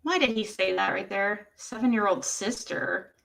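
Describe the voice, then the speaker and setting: A woman's voice: mid-range voice, moderate pace, vocal fry, fairly bright tone. A woman hosting a livestream, reading text messages aloud and reacting to them with exclamations and laughter. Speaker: livestream host.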